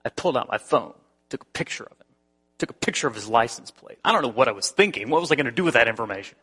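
A male pastor delivering a sermon, telling a personal story in an animated way, with frequent restarts. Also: medium pitch, racing, husky.

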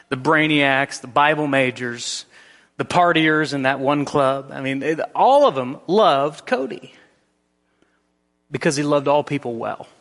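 A pastor preaching a sermon, telling a story with shifting emphasis. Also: male voice, medium pitch, a bit bright, in a large hall.

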